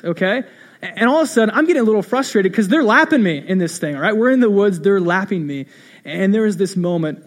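Young male pastor with a high voice, storytelling sermon, shifts from quiet to punchy. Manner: storytelling with rhetorical questions, swinging between hushed and emphatic.

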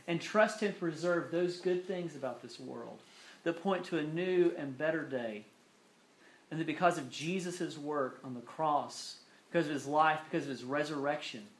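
A man preaching a sermon, earnest, with slow emphatic phrasing that drops softly into prayer. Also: a little high. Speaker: pastor. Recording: echoey room.

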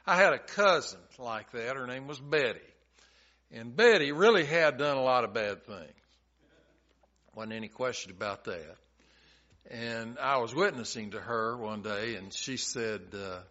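Slow, bright-voiced male preacher. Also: medium pitch, expressive, dull audio. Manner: folksy storytelling preacher, retells scripture in plain talk. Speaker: pastor. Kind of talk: sermon.

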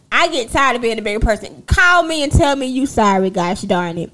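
A young woman, chatting casually and sassily to her viewers, telling a story in an animated way with laughter. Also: fairly high pitch, brisk, hardly any pauses. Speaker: livestream host.

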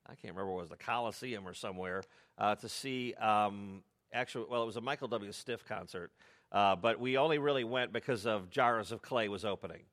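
A middle-aged man from the United States preaching a sermon, telling stories in a conversational way with animated asides. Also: lowish voice. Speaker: pastor.

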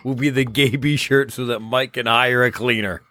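A man's voice: medium pitch, fairly even intonation, normal speed, bright, forceful tone, no echo. Dry, teasing podcast man. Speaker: podcast co-host. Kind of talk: casual podcast banter.

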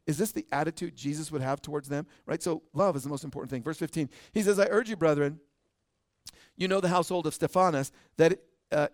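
A pastor in middle age gives a relaxed, joking sermon and keeps checking in with his listeners. His voice sits a little high for a man. The recording is close and dry. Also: no echo. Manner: conversational, joking, frequent "right?" asides.

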